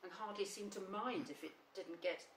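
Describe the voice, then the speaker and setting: A woman reading a children's story aloud in a gentle, unhurried storytelling manner. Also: medium pitch. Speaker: storybook reader. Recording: roomy, slightly distant, faint hum.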